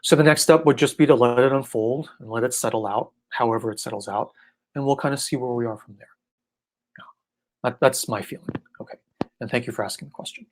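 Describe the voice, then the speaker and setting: A man acting as a spiritual teacher in a casual live online Q&A, relaxed and irreverent, often checking in with "right?". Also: medium pitch, a little fast.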